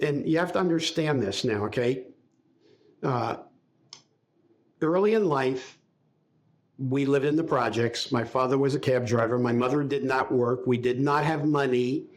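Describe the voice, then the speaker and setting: An older man as a podcast guest, recalling his life in a reflective, halting storytelling way. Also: medium pitch. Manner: reflective, speaks in halting restarts while recalling. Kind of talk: casual interview storytelling.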